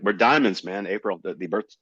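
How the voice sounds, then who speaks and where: A man in his sixties from Florida, a comedian guest telling animated stories in casual conversation. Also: sits low, brisk, dry recording. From Tampa, Florida. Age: 60s. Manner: animated storyteller. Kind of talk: casual storytelling. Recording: dull, slightly lo-fi dry recording.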